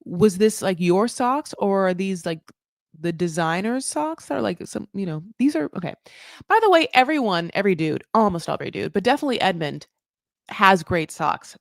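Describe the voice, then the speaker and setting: A woman hosting a casual recap chat, rambling through tangents and correcting herself, with sudden jumps up in pitch. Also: animated, moderate pace, gravelly, no echo, studio quality. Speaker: recap show host.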